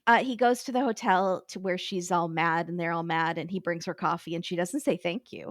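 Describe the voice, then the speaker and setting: A woman guest on a podcast in a casual, quick, chatty conversation. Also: on the low side, steady tone, no echo, clean studio sound. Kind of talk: casual chat.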